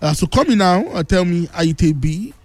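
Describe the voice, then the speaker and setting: A man with a Nigerian Pidgin accent hosting a call-in football talk show on the radio, boastful and teasing, now and then bursting into shouts. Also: sits high, lively intonation, a little fast, no room sound. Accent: Nigerian Pidgin English. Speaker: radio sports show host.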